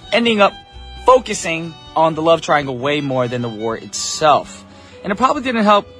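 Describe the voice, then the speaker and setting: A man's voice: a little high, fairly bright tone. Upbeat male morning DJ, tenor-ish, studio mic, faint music bed under the chat. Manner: upbeat, chatty, quick asides. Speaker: radio DJ host. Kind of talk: casual radio chat. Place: radio studio.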